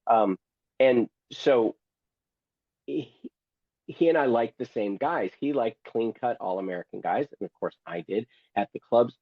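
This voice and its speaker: A man's voice: medium pitch, expressive, unhurried, no echo, highs cut off. A man who is a guest and memoir author, telling a story theatrically and with humor, acting out other people's voices. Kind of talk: storytelling, reading from his memoir.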